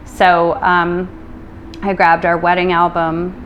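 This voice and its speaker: American woman, middle-aged, lowish voice, emotional personal storyteller, light noise floor. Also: completely flat delivery, slow pace, muffled recording. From United States. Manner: emotional, recounting with reported dialogue. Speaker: guest.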